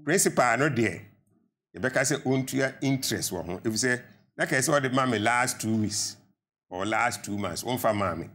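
A man's voice: medium pitch, animated, moderate pace, a bit bright. An older man with a Ghanaian accent, a pensioner guest in a studio panel debate, arguing earnestly and rising to emphatic appeals.

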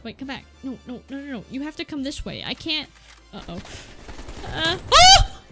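A young woman giving excitable live gameplay commentary from a room at home, exclaiming and repeating words in bursts. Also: high voice, normal speed, over loud music. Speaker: gaming YouTuber.

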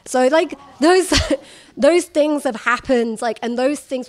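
A woman in her thirties with a slightly high voice talks candidly about her work. She laughs often and acts out the people she quotes in animated bursts. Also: takes it slowly. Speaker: journalist guest. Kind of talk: candid conversational storytelling.

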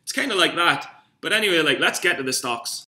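This young Geordie from Newcastle, England, rambles through a casual room vlog, swearing and mocking himself. His voice is a little high and fairly quick, with lively intonation and a bright, forceful tone, and the recording sounds echoey.

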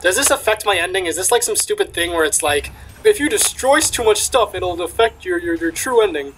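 A young man commenting on a game he is playing, excitable, swearing, with lots of fillers. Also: high voice, fairly quick, a little hiss or hum, rough recording. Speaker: gamer. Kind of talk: let's play commentary.

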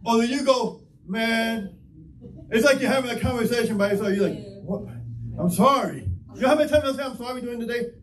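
A pastor with a high voice preaches to his congregation, moving between plain talk and acted-out back-and-forth. He sounds set back from the mic in an echoey church hall, with faint ambience behind him. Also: steady tone, very fast, far from the mic. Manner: impassioned, conversational preaching with acted-out dialogue. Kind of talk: sermon. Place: church sanctuary.

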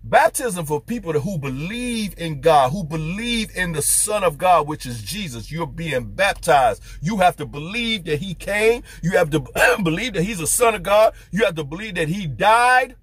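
A man's voice: high voice, lively intonation, moderate pace, hardly any pauses, fairly bright tone, husky. A man preaching as a street preacher, fervent and firing off rhetorical questions. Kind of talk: preaching to camera.

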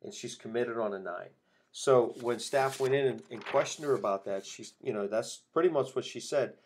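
A man's voice: medium pitch, normal speed. A man hosting a podcast for chiropractors, telling a patient story and acting out both sides of the conversation. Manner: storytelling, quoting patients and himself in dialogue. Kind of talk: casual podcast talk with acted patient quotes.

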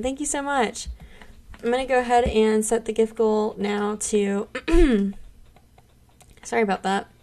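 Bubbly young woman streamer, slightly high voice. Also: mellow. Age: young adult. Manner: bubbly, gushing thanks to chat. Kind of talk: casual live-stream chat while gaming.

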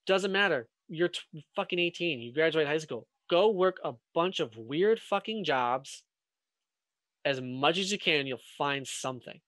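Young male podcast guest, higher voice, dry close mic, rambling and profane. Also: expressive, a little slow, fairly bright tone, no room sound. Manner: rambling, swears freely, many "you know"s. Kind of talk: casual chat.

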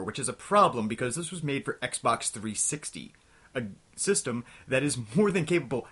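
A young man hosting a comedic game review, ranting in an exasperated, scattershot way and talking himself back to calm. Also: medium pitch, normal speed, breathy edge. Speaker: host of a retro game review show.

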